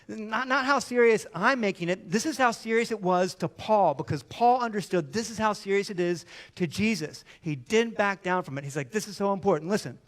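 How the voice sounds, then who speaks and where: Lively, high-voiced male pastor preaching. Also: normal speed, few pauses. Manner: animated, conversational preaching with mock dialogue. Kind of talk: sermon.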